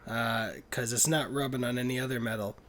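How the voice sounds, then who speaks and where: An upbeat man chats on a movie podcast, recorded over a video call. His pitch sits in the middle, and he drops in quick asides and quoted lines. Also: steady tone, a crowd in the background. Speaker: podcast co-host. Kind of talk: casual film podcast chat.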